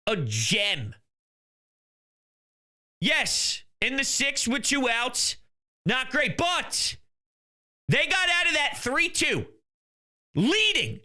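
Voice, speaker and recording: High, sharp-voiced ranting sports fan man. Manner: ranting, exasperated, insults critics; swings between loud outbursts and muttering. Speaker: sports commentator. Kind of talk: sports rant vlog.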